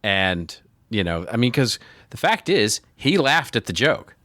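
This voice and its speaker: A man's voice: fairly low pitch, sing-song, measured pace, sharp tone, dry recording, clean studio sound. A man co-hosting a marketing podcast, talking casually with frequent restarts and fillers. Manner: chatty, lots of restarts and fillers. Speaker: podcast co-host. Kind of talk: casual chat.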